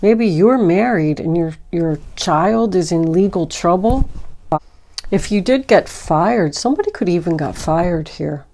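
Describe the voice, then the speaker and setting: A woman's voice: fairly low pitch, animated, measured pace, warm tone. A woman doing a tarot card reading, talking through each card in a meandering, reflective way. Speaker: tarot reader.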